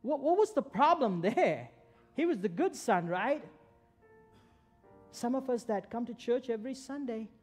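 A man's voice: very high voice, expressive, unhurried, long pauses, soft background music. A man preaching a church sermon, retelling a story dramatically with sudden swells and drops in volume. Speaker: pastor.

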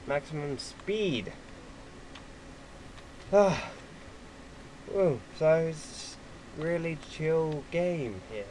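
An excitable man narrating his gameplay into a desktop mic, quick to curse at opponents. His voice sits a touch high and he talks at an unhurried, drawn-out pace. A faint hiss sits under the voice. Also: poor audio. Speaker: gaming YouTuber. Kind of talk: casual gameplay commentary.

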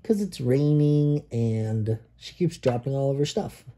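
A man, a dad, reading a rhyming picture book aloud to his child and pausing so the child can fill in the rhymes. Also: mid-range voice, lively intonation, warm tone, slight background noise. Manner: reads rhymes with pauses for a child to finish them. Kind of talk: bedtime story read-aloud.

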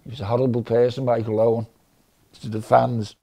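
Mellow-voiced man telling stories. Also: mid-range voice, brisk, creaky. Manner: chatty, lively anecdote-teller. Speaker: football fan. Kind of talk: documentary interview storytelling.

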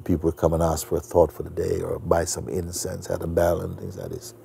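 A man who teaches spirituality, telling a story in a soft, meandering way full of "you know.". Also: deep voice, level tone, brisk, vocal fry, a little hiss or hum. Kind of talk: storytelling during a spiritual talk.

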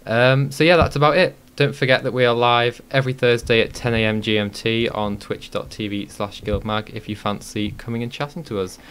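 A man's voice: medium pitch, steady tone, brisk, few pauses, a bit bright, clean tone. A man hosting a casual live-streamed podcast, talking with many ums and restarts. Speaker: podcast host.

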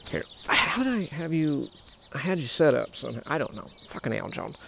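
Gravelly man rambling outdoors. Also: fairly high pitch, sing-song, a little fast, very noisy. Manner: rambling, self-mocking, joking asides. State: shaky hands, tired from digging. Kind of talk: casual outdoor vlog. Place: outdoors in a rural garden.

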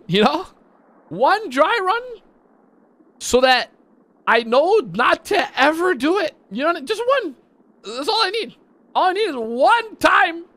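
A woman ranting in a game roleplay voice chat, exasperated and building to shouts. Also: fairly high pitch, no echo.

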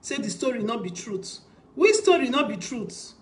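A woman's voice: fairly high pitch, big pitch swings, moderate pace. Emphatic Nigerian Pidgin woman vlogger. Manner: emphatic, repetitive, rhetorical questions. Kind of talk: casual commentary on a video.

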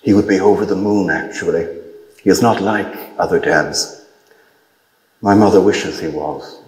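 A man reading his own literary story aloud in a measured, dry manner. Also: deep voice, a little mellow, roomy sound, poor audio. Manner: measured, dry storytelling with brief lifts for quoted dialogue.

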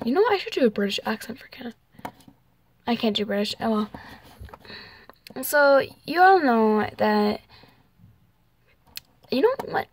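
A young woman hosting a casual home vlog, talking in a rambling way with fillers, trailing off and small giggles. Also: fairly high pitch. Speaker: channel host.

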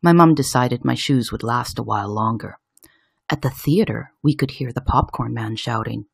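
A woman reading a children's picture book aloud with expressive storytelling. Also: rumbling low, moderate pace, creaky, slightly rough.

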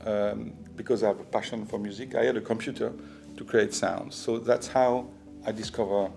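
An older man with a French accent, a business executive telling his story to camera in halting speech full of restarts. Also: fairly low pitch, fairly even intonation, vocal fry, a little mellow. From France. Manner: halting, with many restarts and fillers. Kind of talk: personal talk to camera.

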